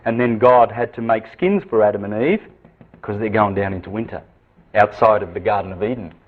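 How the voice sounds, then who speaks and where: A man giving an esoteric lecture with visual aids, lively and full of rhetorical questions and repeated phrases. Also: on the low side, fairly quick. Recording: tinny phone-like lecture recording.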